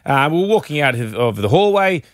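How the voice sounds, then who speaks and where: A young Australian man hosts a breakfast radio show, trading cheeky stories in casual sports and banter chat as an animated storyteller. His voice is a little high and brisk, captured dry with clean studio sound.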